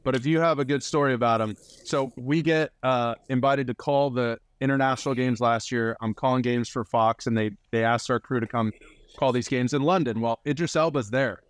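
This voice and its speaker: An eager man hosts a sports channel interview, rushing through his stories with a mid-range voice. The sound is dry and close, with no room around it. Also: medium pitch, clear, resonant tone, dry recording. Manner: eager, quick storytelling, laughs often. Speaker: host. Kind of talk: casual interview chat.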